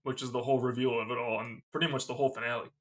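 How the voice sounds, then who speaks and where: This casual movie review chat has a male co-host racing through a scene-by-scene recap at very fast speed. In a mid-range voice, he animatedly quotes the film's lines and swears.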